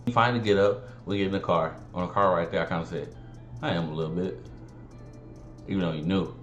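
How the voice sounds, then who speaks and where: A young man with a low voice recounts a story in a lively, slangy, swearing way and acts out the conversations. The room sounds echoey. Faint music plays underneath. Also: rapid-fire, dull audio. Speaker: vlogger. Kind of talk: casual storytime monologue.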